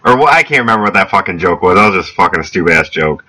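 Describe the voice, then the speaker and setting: A man with a lowish voice chatting on a podcast, his tone very bright and sharp with lively pitch swings. He jokes around and stumbles through restarts. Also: husky. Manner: joking, halting, many restarts. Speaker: podcast co-host. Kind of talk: casual podcast chat.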